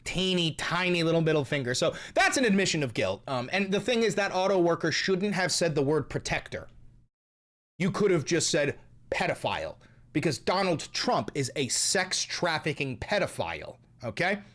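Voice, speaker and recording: A young man hosting a commentary vlog, swearing freely and mocking his subjects. His voice sits a little high and swings widely up and down as he rants. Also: very animated, moderate pace, a bit bright. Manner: profane, heated and mocking. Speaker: host.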